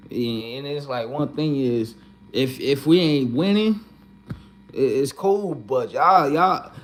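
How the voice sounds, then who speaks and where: A man's voice: medium pitch, a little hiss or hum. A man talking in a casual, profane, repetitive rant, upset and fired up after his team lost. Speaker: Eagles fan. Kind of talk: casual venting monologue.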